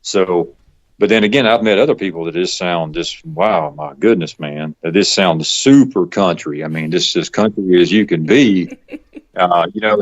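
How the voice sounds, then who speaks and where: Man, Georgia Southern accent, low-pitched, halting and chatty, dull recording. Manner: rambling, halting, laughs often. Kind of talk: casual chat. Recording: dull lo-fi podcast audio.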